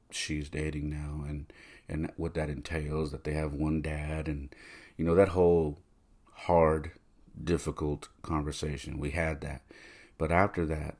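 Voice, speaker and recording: A man in his thirties hosting a podcast, telling a personal story in a soft-spoken, rambling way with many restarts. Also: rumbling low. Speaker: podcast host. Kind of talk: reflective personal monologue.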